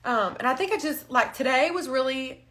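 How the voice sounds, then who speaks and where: A woman's voice: high voice, lively intonation, normal speed, bright, forceful tone. A woman talking candidly on a live stream, frank and emotional, holding back tears. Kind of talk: casual live-stream talk. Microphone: phone or webcam on a live stream.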